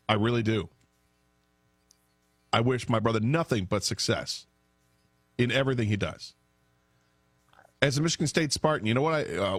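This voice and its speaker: Brief: male sports talk radio host, opinionated, mid pitch, dry studio mic. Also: dry recording. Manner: opinionated, argues with emphasis. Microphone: studio microphone.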